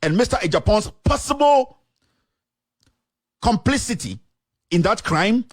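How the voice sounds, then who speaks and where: In a dry recording, a Ghanaian-accented man speaks high and sing-song, at a measured pace with long pauses. He's a journalist presenting documents to camera, emphatically reading official statements, adding lively commentary and dropping into local language.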